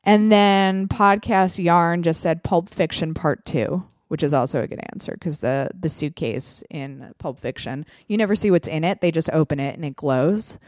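A woman's voice: low-pitched, moderate pace, hardly any pauses, a little mellow, dry recording. Chatty woman podcast host, dry sound. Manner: chatty, laughs often, lots of fillers. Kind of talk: casual chat.

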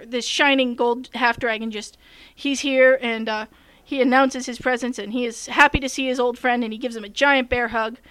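A woman's voice: high voice, a bit bright, clear, resonant tone, no room sound. A woman who runs tabletop games, telling a long story in casual chat, full of fillers and restarts. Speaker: game master telling a story.

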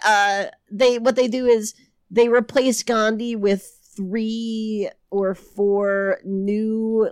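A woman's voice: mid-range voice, no echo, studio quality. A woman co-hosting a comedy podcast while feeling sick, rambling and swearing in casual banter. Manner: rambling, self-deprecating, swearing. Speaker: podcast co-host, debate moderator.

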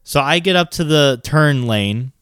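A young adult man casually telling a story on a podcast, animated and swearing, with laughs breaking in. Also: fairly high pitch, a little slow, clear, resonant tone, no room sound, clean studio sound.

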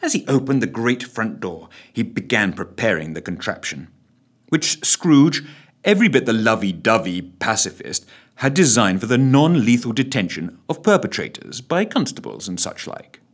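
A man narrating a scripted audio story with a theatrical, wry, very animated delivery and a husky voice. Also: on the low side, normal speed.

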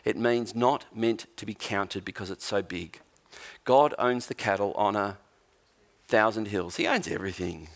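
A man's voice: fairly low pitch, normal speed. A man preaching a sermon as a pastor, telling a Bible story with humour and acting out the lines of its characters. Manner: animated storyteller, acts out quotes.

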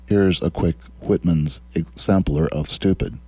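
Man on a radio talk show, sarcastic, mocking, reads quotes out, low dark husky voice. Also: unhurried, no room sound. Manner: sardonic, mocking. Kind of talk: sarcastic political commentary, reading quotes aloud. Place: radio studio.

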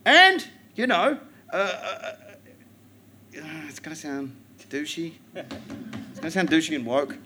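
A man's voice: fairly high pitch, takes it slowly, long pauses, slight background noise. A man with an Australian accent, a guest comedian talking animatedly and with plenty of swearing while he tells stories in a live podcast interview. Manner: animated, profane storytelling. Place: theatre stage before a live audience.

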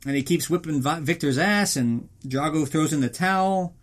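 A man's voice: a little high, normal speed. A man hosting a podcast, recapping a film in a casual, profane and sarcastic way, often slipping into silly voices. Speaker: podcast host.

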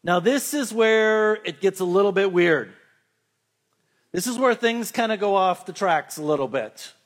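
A man preaching a sermon, telling Bible stories in a conversational way and reading scripture slowly. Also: high-pitched, lively intonation.

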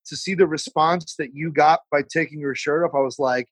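A man talking as a podcast guest in a casual remote chat, chatty and profane with quick asides. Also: fairly high pitch, steady tone, husky, dry recording. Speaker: podcast guest, TV food host. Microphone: remote call.

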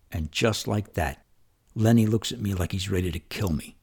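Low, gravelly male storyteller from New York, husky, conversational and wry. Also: moderate pace, darkish tone. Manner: conversational, vivid, wry retelling of childhood. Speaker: memoir storyteller. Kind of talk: personal storytelling monologue.

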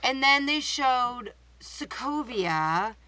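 A woman co-hosting a podcast, recapping a movie in casual chat, animated and swearing freely. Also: fairly high pitch, slow, low-quality recording. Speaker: podcast co-host.

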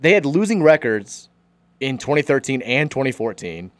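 A man's voice: mid-range voice, very animated, no echo. A man hosting sports talk radio, reading listener texts and arguing about college basketball coaches. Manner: reads listener texts aloud, fast and argumentative.

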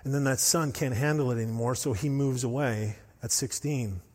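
A man preaching a sermon as pastor, telling stories with animated, rising intensity. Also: mid-range voice, moderate pace. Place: church hall. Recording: long hall reverb.

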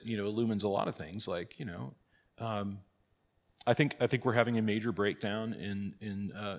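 A male pastor with a low voice teaches catechesis in a church hall, and the recording carries the long reverb of a large hall. His manner is conversational, with frequent "okay?" and "right?" check-ins.

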